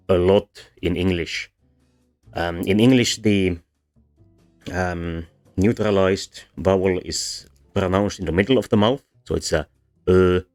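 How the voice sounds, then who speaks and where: A man with a very low voice gives a livestreamed lecture on vowel sounds, explaining patiently and often pausing on um and uh. Now and then he sounds out vowels as examples. Soft background music plays faintly beneath his voice. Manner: explains patiently with many ums and uhs, demonstrates vowel sounds. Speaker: VTuber linguistics presenter.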